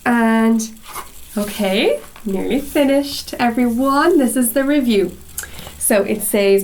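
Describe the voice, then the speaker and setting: A young woman teaching English to small children, slowly reading a picture story and asking them questions. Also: fairly high pitch, lively intonation, a little hiss or hum. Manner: slow, sing-song and encouraging, with questions to the children. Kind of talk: slow storybook reading lesson for kids.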